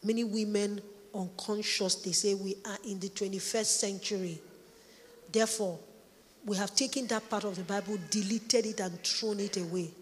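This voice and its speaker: A woman's voice: medium pitch, steady tone, normal speed, slight background noise. Emphatic woman preaching in an echoey hall. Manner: emphatic, repeats lines for stress. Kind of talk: sermon. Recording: echoey hall, long reverb.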